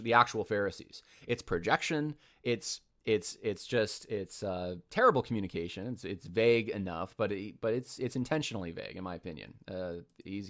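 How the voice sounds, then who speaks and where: Brief: low-pitched male commentator, halting, restarts a lot. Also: fairly bright tone. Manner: halting, many restarts and fillers. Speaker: commentator reacting to a sermon clip. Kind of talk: casual commentary.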